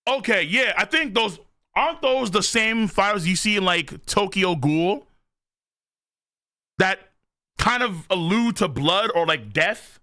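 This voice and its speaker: A man reacting live to a manga chapter on stream, excitable and profane, reading lines aloud and shouting at big moments. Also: sits high, unhurried, no echo, clean studio sound.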